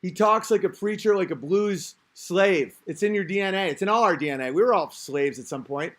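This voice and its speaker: A man's voice: high-pitched, fairly quick. A man hosting a podcast, talking in a rambling, crude, self-interrupting casual rant. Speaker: podcast host.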